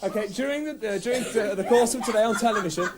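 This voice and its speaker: A man with a very high voice hosts a live television broadcast. He jokes around and raises his voice to quiet a rowdy crowd. A busy party crowd is heard around him. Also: rapid-fire. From England. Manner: lively, jokey, shouting over a party crowd. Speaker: presenter. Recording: noisy crowded house party.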